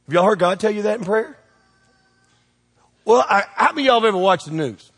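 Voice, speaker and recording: Pastor, man, lively joking preacher who quizzes the crowd, higher-pitched voice, long hall echo. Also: slightly rough. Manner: preachy and joking, quick shifts in loudness, call-and-response questions. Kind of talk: sermon.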